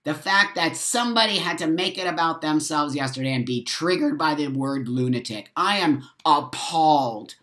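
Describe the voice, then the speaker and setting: A man's voice: fairly high pitch, lively intonation, moderate pace, few pauses, pushed and bright. A man hosting a live stream, giving an angry, profane rant and hammering his points with repeated phrases. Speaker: livestream host. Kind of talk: heated livestream rant. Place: at home, drinking coffee on a live stream.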